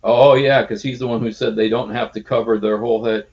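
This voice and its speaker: A man hosting a casual livestream chat, talking haltingly with many fillers and restarts. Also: medium pitch, fairly even intonation, a little mellow. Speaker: livestream host. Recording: dull lo-fi stream audio.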